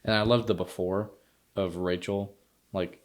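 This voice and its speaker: A man co-hosting a podcast, reviewing films in casual chat and retelling scenes with lively quoted lines. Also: low voice, measured pace. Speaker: podcast co-host.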